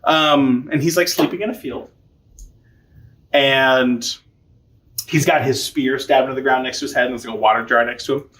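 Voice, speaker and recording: A man teaching a catechism class, retelling a story in a chatty, informal, animated way. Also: mid-range voice, normal speed, long pauses. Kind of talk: casual storytelling lesson.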